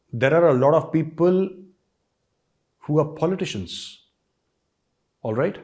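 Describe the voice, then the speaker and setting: Host, male, middle-aged, Indian English accent; emphatic rhetorical commentary, average pitch. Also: darkish tone. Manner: emphatic, rhetorical questions, repeats points. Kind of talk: commentary monologue to camera.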